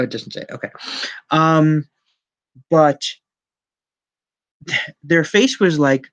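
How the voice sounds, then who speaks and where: A man's voice: medium pitch, no echo, highs cut off. A man hosting a wrestling news show, recapping matches in a rambling casual way with many ums and self-corrections.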